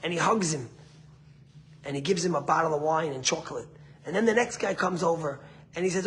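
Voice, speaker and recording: A man giving a short, earnest sermon as a rabbi, rising to passionate peaks and falling soft, with Hebrew words mixed in. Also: high-pitched, fast talker, breathy edge.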